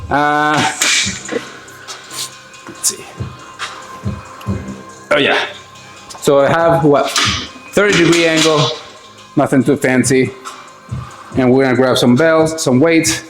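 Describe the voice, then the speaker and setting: A man's voice: a little high, steady tone, slow, long pauses. A middle-aged man coaching a back workout, out of breath between sets and swearing casually as he explains each move. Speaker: fitness coach. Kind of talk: workout instruction. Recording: echoey room with faint music.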